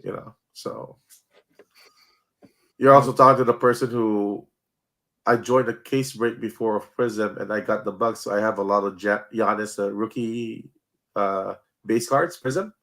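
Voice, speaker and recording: A man, a guest who organizes a card show, chatting casually and then promoting the event, pausing often with fillers. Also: on the low side, steady tone, a bit bright. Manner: halting, many fillers.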